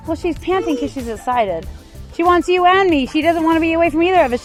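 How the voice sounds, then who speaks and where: A woman in her fifties vlogging about her day in a casual, chatty, animated way. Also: very high-pitched, quick pace, soft background music. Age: 50s.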